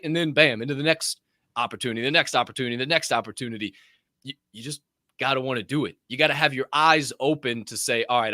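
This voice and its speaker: A man co-hosting a podcast, telling stories in a brash, profane, animated way in a casual motivational chat. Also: on the high side, no room sound, studio quality. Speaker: podcast co-host.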